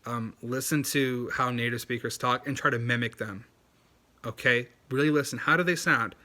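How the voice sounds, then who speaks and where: A man's voice: medium pitch, moderate pace, pushed and bright. A man talking casually in a language-learning video, chatty and loose with lots of fillers, and earnest as he stresses his points. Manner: earnest and emphatic, repeating key points.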